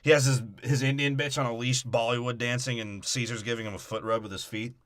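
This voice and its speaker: A man's voice: mid-range voice, steady tone, quick pace, a bit bright, no echo. A man co-hosting a podcast, riffing through a movie breakdown in crude, profane, joking banter. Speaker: podcast co-host.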